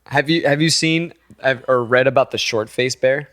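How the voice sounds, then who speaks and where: Man co-host, casual profane storyteller, mid pitch, easygoing. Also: moderate pace, a bit bright. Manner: laid-back, profane storytelling with frequent laughs. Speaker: podcast co-host. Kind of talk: casual chat.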